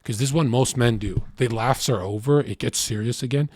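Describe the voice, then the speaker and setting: A man's voice: medium pitch, brisk, darkish tone, husky, dry recording, studio quality. A man streaming, reacting to chat and reading messages aloud, in a brash, profane, boastful way, rambling and acting out bits of dialogue.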